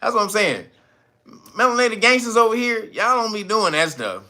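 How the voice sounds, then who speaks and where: Speaking at a moderate pace with lively intonation, a commentary podcast host covers the news casually. His talk is profane and slangy, and he laughs while performing quotes in loud, high-pitched voices.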